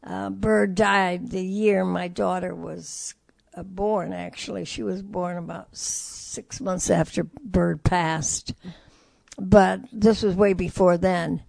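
An older woman from Detroit, a jazz singer telling stories in an interview, animated and acting out the voices of the people she quotes. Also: fairly low pitch, slow, gravelly, dry recording. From Detroit, USA. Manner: lively storyteller who acts out quoted voices. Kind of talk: storytelling interview.

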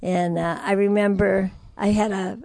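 An older woman from Detroit, a jazz singer telling stories in an interview, animated and acting out the voices of the people she quotes. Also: medium pitch, a little slow, gravelly, dry recording. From Detroit, USA. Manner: lively storyteller who acts out quoted voices. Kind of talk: storytelling interview.

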